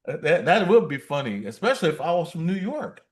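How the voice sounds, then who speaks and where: Man hosting a livestream, high bouncy voice, joking with the chat. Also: sing-song, brisk. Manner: playful, reads viewer comments aloud. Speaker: livestream host.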